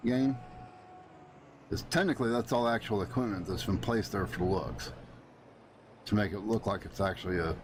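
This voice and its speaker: A man's voice: on the low side, a little hiss or hum. A drowsy man streaming a game, thinking aloud in rambling, informal commentary. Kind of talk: live-streamed gameplay commentary.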